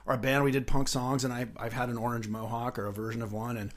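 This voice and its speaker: A middle-aged man who is a guest on an interview show, telling rambling, lively anecdotes and laughing often. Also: mid-range voice, quick pace. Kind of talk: casual anecdotal storytelling.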